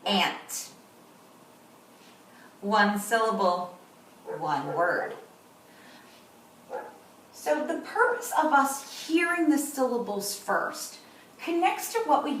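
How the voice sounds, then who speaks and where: A kindergarten teacher with a high voice talks slowly and sounds out each word with care. She sits some way from the mic in a roomy, echoing space. A faint noise runs under her voice. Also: far from the mic. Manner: sounds out words slowly and repeats them. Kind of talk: slow, clear lesson to young children.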